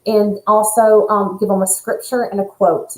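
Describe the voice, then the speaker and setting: A woman who is a nurse and spiritual coach, talking in an earnest, animated way in casual conversation. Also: medium pitch, moderate pace, reverberant, poor audio. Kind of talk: casual chat.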